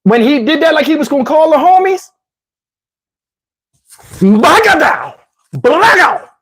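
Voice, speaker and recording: A man from Camden with a New Jersey accent, telling a crude, lively story with lots of asides, on a lapel mic. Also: extremely high pitch, slow. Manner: profane, animated, lots of asides. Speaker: channel host. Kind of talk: comedic storytelling.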